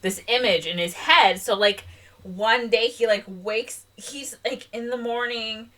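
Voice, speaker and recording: Chatty young woman with a bright voice. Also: a little high, a little slow. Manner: chatty, rambling retelling full of "like" and "um". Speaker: podcast co-host. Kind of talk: casual podcast chat.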